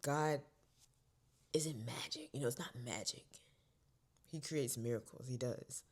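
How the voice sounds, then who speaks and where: A young woman shares a personal story on her vlog, expressive and informal, quieting to whispers and then bursting out loudly. Her voice is very deep, and she talks a little slowly.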